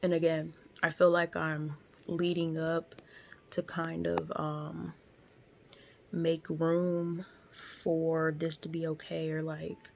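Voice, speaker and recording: A young woman vlogging from her car, telling a story in a blunt, profane, animated way. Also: low-pitched, takes it slowly, vocal fry, slight background noise. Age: young adult. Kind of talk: casual storytelling.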